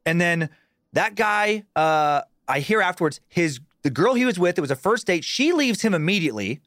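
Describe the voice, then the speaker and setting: A man's voice: high voice, big pitch swings, moderate pace, a bit bright, no echo, clean studio sound. A man, a comedian, telling a profane road story in casual podcast chat with lots of restarts and swearing.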